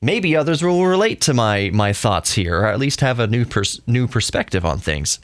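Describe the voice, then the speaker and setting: A man's voice: medium pitch, lively intonation, moderate pace, dry recording. A man hosting a solo podcast, rambling conversationally and often correcting himself mid-sentence. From United States. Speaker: podcast host.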